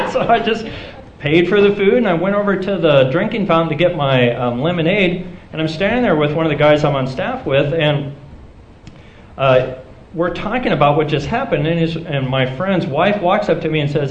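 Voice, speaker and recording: Animated man telling a sermon story. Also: fairly high pitch, moderate pace, reverberant, lo-fi sound, a little hiss or hum. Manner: animated, self-mocking storyteller who acts out dialogue. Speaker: preacher.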